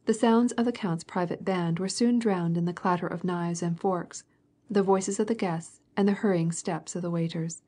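A woman narrating a classic novel as an audiobook, in an even, measured storytelling manner. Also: fairly low pitch.

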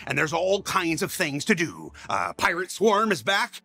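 A man presents a show in an upbeat, scripted delivery, slipping in playful asides. His bright voice swings lively up and down, pitched a little higher than most men. Faint music plays beneath him. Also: measured pace, vocal fry, few pauses. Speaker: show host.

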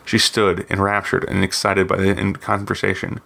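A man narrating a fantasy story from his own book, in a steady, measured reading. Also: low-pitched, gravelly. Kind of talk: scripted narration.

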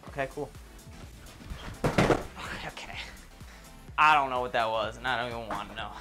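A young man casually commentating his own gameplay, excitable and swearing a lot, yelling whenever he misses. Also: mid-range voice, moderate pace, loud music behind the voice.

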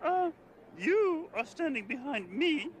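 A man's voice: very high voice, big pitch swings, slow, a little hiss or hum, exaggerated voice. A man voicing a fussy, chatty lady in line who talks down to others. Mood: prim. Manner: chatty, prim, condescending.

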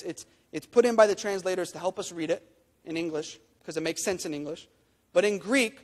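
A man's voice: sits high, in a large hall. A man preaching a sermon, emphatic, with repeated phrases and rhetorical questions. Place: church sanctuary.

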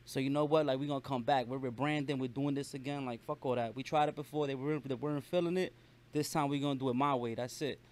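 A young man from Brooklyn with a strong New York accent, rattling off his words at a quick clip. His talk is loose and animated, heavy with street slang and swearing, in the style of a casual interview chat. His voice sits at a middling pitch for a man. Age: young adult. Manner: fast, animated street slang with frequent profanity. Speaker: rapper guest.

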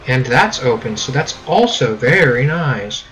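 His mid-range voice swings widely in pitch, runs a little slow, and sounds a bit bright, though the audio is poor. The young American jokes and rambles through casual commentary on his gameplay, using mock-British catchphrases, with a faint hum behind.

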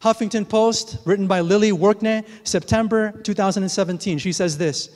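A man's voice: high voice, fairly quick, a little mellow. A man preaching a sermon to his congregation as pastor, earnest and building to emphatic peaks. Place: large church sanctuary. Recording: long hall reverb.

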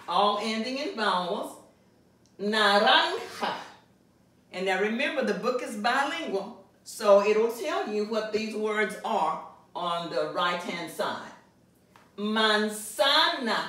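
A woman with a slightly high voice leads a language lesson, stretching out each word with slow, deliberate care. She is recorded from a distance in a strongly echoing room. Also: fairly bright tone. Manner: slow, drawn-out enunciation of vocabulary words. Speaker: Spanish teacher. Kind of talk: classroom-style language lesson. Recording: very echoey room, mic at a distance.

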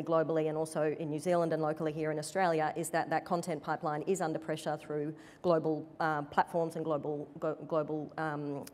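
A woman executive speaking on a conference panel, in a measured, careful corporate manner. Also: low voice, darkish tone. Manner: measured, corporate, careful to avoid direct answers. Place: conference stage before an audience. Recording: reverberant conference hall.

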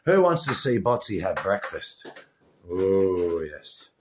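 A man's voice: sits low, big pitch swings, slow pace, a little hiss or hum. Man cooing at his dog at home. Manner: coos to his dog in a playful sing-song voice. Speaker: pet vlogger. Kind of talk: casual home vlog chat.

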